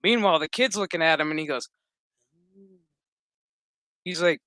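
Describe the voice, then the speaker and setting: A man's voice: on the high side, normal speed, pushed and bright, no echo. A man giving a rambling, profane recap of a TV episode, acting out the characters' lines as he goes. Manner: rambling, profane, acts out quotes. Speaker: show recap reviewer.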